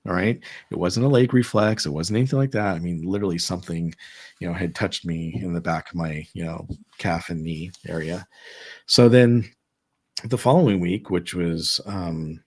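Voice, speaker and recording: A man's voice: low-pitched, expressive, moderate pace, a little mellow, husky. A man at home telling his own ghost stories in a casual, rambling way, with many fillers and restarts. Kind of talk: casual storytelling chat. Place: his own home, seated at dining table.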